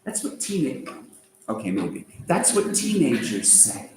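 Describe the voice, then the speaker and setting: Animated sarcastic man teaching a class. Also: mid-range voice, measured pace, echoey room, low-quality recording. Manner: animated and sarcastic, asking rhetorical questions. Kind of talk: lively lecture to students.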